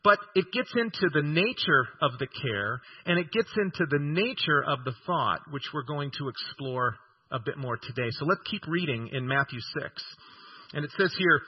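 A male pastor preaching a sermon, earnest and measured, slowing down to read scripture aloud. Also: fairly high pitch, animated, slightly rough, dull audio.

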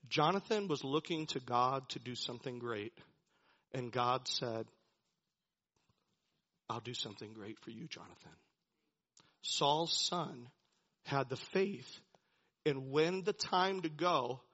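A man's voice: fairly high pitch, fairly bright tone. A man preaching a sermon, animatedly retelling a Bible story and chuckling as he goes. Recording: dull lo-fi recording.

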